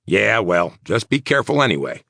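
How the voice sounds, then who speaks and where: Nervous male mayor, done by a man, raised gravelly voice, insistent rapid fire. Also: lowish voice, big pitch swings, bright, forceful tone, no echo, studio quality, voice pushed up, heavily acted. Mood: worried. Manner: tense, clipped, insistent. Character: nervous sweating middle-aged male mayor.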